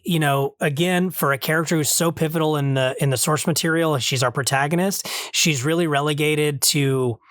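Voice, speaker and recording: A man's voice: on the high side, fairly bright tone, no echo, studio quality. A man hosting a podcast, chatting casually through a review in an earnest, thinking-aloud way with frequent restarts. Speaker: podcast host.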